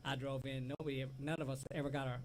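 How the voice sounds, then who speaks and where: A man's voice: mid-range voice, level tone, rapid-fire, darkish tone, a little hiss or hum, poor audio. A man with a Southern US accent co-hosting a casual talk show, telling rambling stories and often trailing off. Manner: rambling storyteller, laughs easily, trails off mid-sentence. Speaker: co-host. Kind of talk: casual chat.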